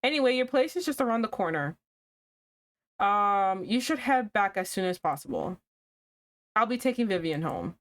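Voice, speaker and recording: Woman reading as a calm caring young guy, matter-of-fact, visual novel friend. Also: high-pitched, normal speed, long pauses.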